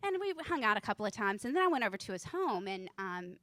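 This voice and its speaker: A woman's voice: mid-range voice, sing-song, fast talker, a bit bright, no room sound. A woman in her forties doing a stand-up comedy set on a club stage, nervous and self-deprecating, laughing at her own jokes. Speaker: student stand-up comic.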